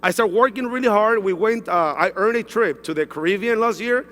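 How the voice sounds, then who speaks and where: A man's voice: sits high, a little fast, bright, forceful tone, big-room sound. Emotional Mexican-born man on a stage. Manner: emotional, repeats himself, broken English phrasing. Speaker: stage speaker at a sales event. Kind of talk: personal testimonial speech. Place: large event hall on stage.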